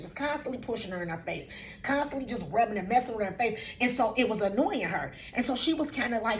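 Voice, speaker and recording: An older woman, a vlog host, talking casually to the camera, repeating herself and often asking "you know what I'm saying?", with laughs mixed in. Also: on the high side. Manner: emotional, laughs while talking.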